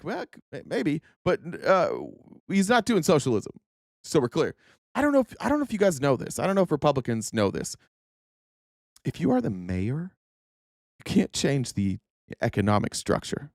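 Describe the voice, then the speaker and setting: A man's voice: mid-range voice, very animated, normal speed, a little mellow, dry recording, clean studio sound. A man hosting casual political commentary, sarcastic and profane, often mocking his opponents in mock voices.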